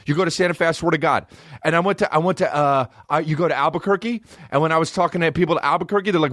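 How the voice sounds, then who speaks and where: A man hosting a comedy podcast, ranting in a profane, animated way that swings from loud outbursts to low mutters. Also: very fast, no room sound, clean studio sound.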